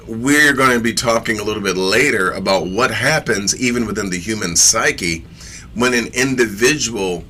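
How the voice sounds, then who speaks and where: A man's voice: on the low side, pushed and bright, slight background noise. A man teaching from scripture in a casual sermon, reading verses aloud and breaking in with slangy, emphatic asides and repeated phrases.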